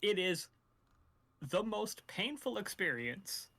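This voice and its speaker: A man narrating as dungeon master in a tabletop game, pausing with fillers as he describes the scene. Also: high voice, sing-song, bright, forceful tone.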